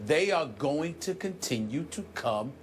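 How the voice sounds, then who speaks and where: A man co-hosting a sports debate show in a TV studio, talking forcefully and building emphasis while a little under the weather. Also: a little high, expressive, unhurried, a little hiss or hum. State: sick, clears throat.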